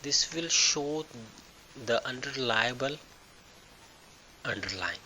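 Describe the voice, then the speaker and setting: A man walking through a screen-recorded software tutorial, thinking aloud with halting restarts and fillers. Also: mid-range voice, expressive, slight background noise, poor audio. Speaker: tutorial instructor.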